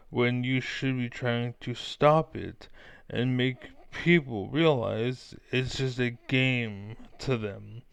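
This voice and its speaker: A man's voice: mid-range voice, clean tone, no echo. A man streaming a heated, profane reaction rant, talking back to a clip. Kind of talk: ranting reaction commentary.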